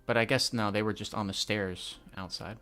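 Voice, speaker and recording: A man's voice: lowish voice, steady tone, normal speed, sharp tone, soft background music. A young man casually reading and reacting to a manga, swearing and laughing in slang.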